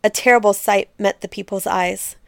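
A woman reads a folk tale aloud as a storyteller, with expressive, measured narration. Her voice is smooth and clear, set at a middle pitch for a woman. She is recorded on a close mic in a dry room. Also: no echo.

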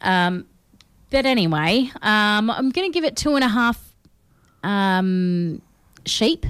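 A woman's voice: medium pitch, lively intonation, slow pace, a bit bright, clear, resonant tone, dry recording. Chatty Australian woman reviewing films. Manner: chatty, opinionated, with frequent fillers. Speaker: film review podcast co-host. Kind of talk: casual film review chat.

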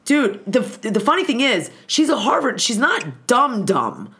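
A woman's voice: on the high side, sing-song, unhurried, sharp tone. A woman in casual chat, ranting bluntly and swearing freely.

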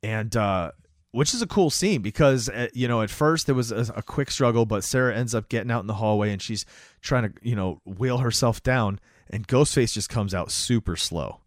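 A man with a fairly low voice co-hosts a casual podcast chat, recapping a movie scene by scene. He tells it with animation, full of fillers and quickly acted-out lines. The studio sound is clean, with no room noise.

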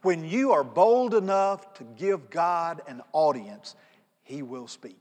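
A middle-aged man preaching a sermon, telling stories in a conversational way and swinging between soft asides and loud emphatic pleas. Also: on the high side, big pitch swings, slow pace. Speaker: pastor. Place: church sanctuary. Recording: long reverb of a church sanctuary.

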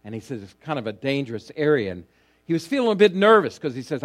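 A male pastor delivers a sermon in a middle-pitched voice. He retells a story at a steady, conversational pace. He stumbles often over fillers and restarts, and his voice sinks quietly at the ends of phrases. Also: fast. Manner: storytelling with frequent fillers and restarts, voice dropping low.

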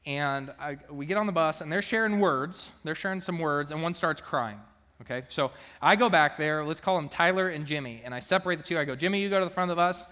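A man's voice: fairly high pitch, brisk, sharp tone, long reverb tail. A young man and student minister giving a chatty, joking sermon to his church. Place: church sanctuary.

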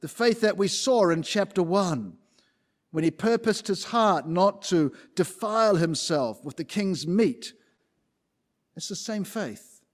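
Male preacher, high voice, emphatic sermon delivery, stacks repeated phrases. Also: animated, takes it slowly. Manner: emphatic, builds rhetorical lists. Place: church building.

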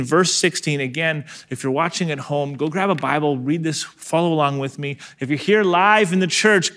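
A male pastor preaching an energetic, conversational sermon to a live and online congregation. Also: a little high. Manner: energetic, conversational, acts out scenes.

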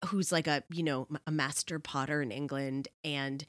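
Lower-voiced chatty woman, dry sound. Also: moderate pace, dry recording. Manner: animated storyteller, many fillers and restarts. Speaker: podcast co-host. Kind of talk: casual chat.

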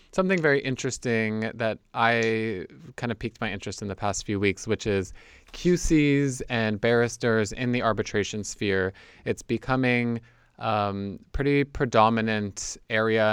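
A man's voice: lowish voice, a bit bright, smooth. A man hosting a podcast, interviewing a guest in an upbeat, casual way. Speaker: podcast host.

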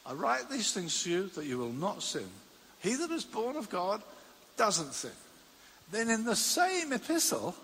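A man preaching a sermon, animated and acting out his illustrations with little voices. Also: high voice, a little hiss or hum. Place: church hall. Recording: long reverb of a church hall.

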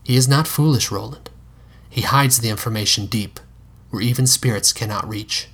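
A man voicing a calm, wise female spirit in a measured, matter-of-fact drawl in a spoken story. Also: mid-range voice, slightly rough.

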